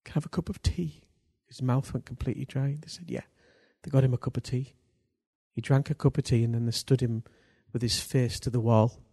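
A man preaching a sermon, swinging between hushed lines and loud, drawn-out bursts for emphasis. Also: medium pitch, flat delivery, slightly rough.

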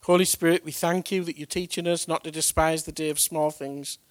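A man delivers a lively sermon in a fairly high voice. He is chatty and colloquial, and he acts out the lines of the people in the stories. The sound is dry and close. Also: a little fast, no echo. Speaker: preacher. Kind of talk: animated sermon.

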